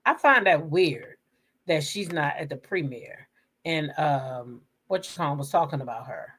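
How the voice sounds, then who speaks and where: A woman with a low voice hosts a relaxed gossip talk. She rambles in a chatty way, humming and filling pauses as she goes. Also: breathy edge. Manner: chatty, drawn-out humming and fillers. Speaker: host. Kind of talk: casual gossip commentary.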